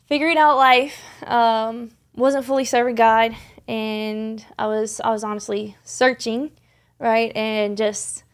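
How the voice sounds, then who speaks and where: A young woman with a slightly high voice appears as a podcast guest in a studio, earnestly telling a faith story in conversation. She rambles, with many restarts and fillers.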